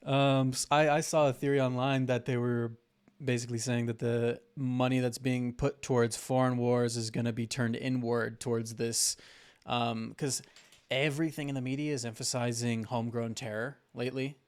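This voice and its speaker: A man hosting a podcast, rambling casually through his theories with plenty of hedging fillers. His voice is smooth and clear, at an average pitch. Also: little pitch movement, moderate pace. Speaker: podcast host. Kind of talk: casual conspiracy-minded chat.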